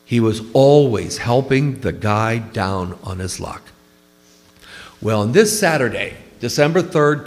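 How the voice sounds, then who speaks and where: A man, a priest, telling stories in a conversational funeral homily. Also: medium pitch. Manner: storytelling, warm and conversational. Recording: long hall reverb.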